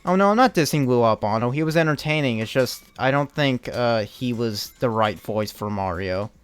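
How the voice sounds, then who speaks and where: A man's voice: medium pitch, expressive, moderate pace, clear, resonant tone. A young man chatting casually as he streams a game, rambling and restarting his sentences, with the odd curse thrown in. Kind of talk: casual live-stream commentary while playing.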